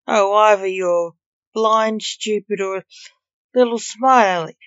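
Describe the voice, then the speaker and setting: A woman voicing a gruff, impatient male Grim Reaper who snaps with exasperation, read as a storybook voice. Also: mid-range voice, fairly even intonation, takes it slowly, a little mellow, no room sound, close to an everyday voice. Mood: irritated. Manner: snappish, exasperated. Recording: dull lo-fi recording.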